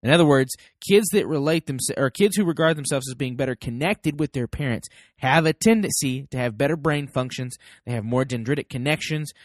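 A man's voice: medium pitch, fairly quick, dry recording, studio quality. An American man hosting a parenting podcast, giving an emphatic motivational talk to his listeners and acting out both sides of little everyday dialogues. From United States.

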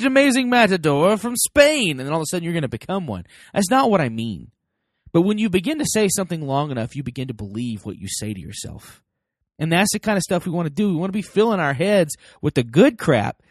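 A man hosting a casual parenting talk, folksy and animated, acting out quoted voices as he speaks. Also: on the high side, no echo, studio quality. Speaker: parenting podcast host.

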